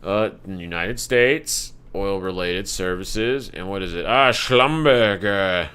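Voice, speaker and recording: A young man hosts a live market analysis stream, walking through charts in a low, slow, fairly bright and clean voice. His tone is casual, peppered with loose, jokey asides and profanity.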